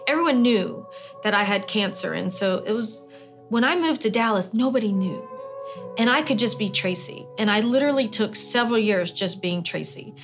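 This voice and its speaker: A middle-aged woman, talking casually in an interview, rambling with many restarts. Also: medium pitch.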